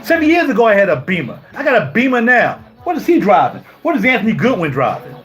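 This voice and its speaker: A man's voice: sits high, huge pitch swings, fast, fairly bright tone, faint music behind. A man in his fifties ranting on a live stream. He sounds indignant, repeats himself and fires off rhetorical questions. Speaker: YouTuber. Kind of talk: heated live-stream rant. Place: home music studio.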